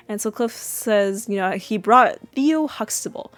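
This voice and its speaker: A woman's voice: medium pitch, sing-song, measured pace, hardly any pauses, no room sound. A woman hosting a podcast, recapping a sitcom episode in a chatty way with many fillers and restarts. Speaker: podcast host.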